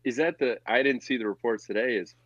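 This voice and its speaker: A man's voice: medium pitch, fast talker, dry recording, highs cut off. A man co-hosting a casual sports betting podcast, talking bluntly and profanely in a ranting way. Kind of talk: casual chat.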